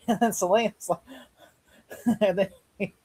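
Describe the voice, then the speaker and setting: A man's voice: high voice, fairly even intonation, unhurried, a little mellow, husky. Rambling man retelling scenes. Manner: rambling retelling, acts out lines, laughs often. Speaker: podcast host. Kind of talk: casual chat.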